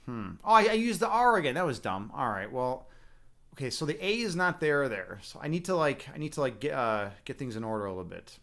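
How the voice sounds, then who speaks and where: A man's voice: mid-range voice, very animated, fairly quick, a bit bright. A man hosting a casual livestream, rambling and chatting with viewers and swearing now and then. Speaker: livestream host.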